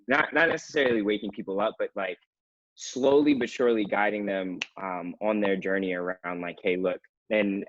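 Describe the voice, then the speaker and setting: A hesitant man talking as a panelist over a video call. His voice is fairly low and comes through dull and lo-fi. The sound is dry and close. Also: fairly bright tone, dry recording. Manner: hesitant, many fillers. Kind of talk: casual panel discussion.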